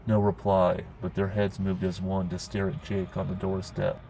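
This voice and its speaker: Deep, dark-voiced horror narrator man. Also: completely flat delivery, normal speed, creaky, slight background noise, low-quality recording. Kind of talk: scripted horror story narration.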